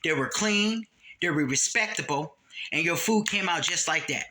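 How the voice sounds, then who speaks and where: Bright-voiced man preaching bluntly. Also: on the high side, expressive, moderate pace. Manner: blunt, profane, sermonizing with scripture quotes. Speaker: religious commentator. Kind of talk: preachy monologue.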